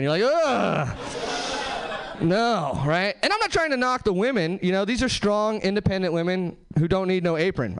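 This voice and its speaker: A man doing a stand-up set on a club stage, talking to the crowd with lively asides and quick character voices. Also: high voice. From Southern California. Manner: animated, bouncing between voices and asides to the crowd. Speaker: stand-up comedian.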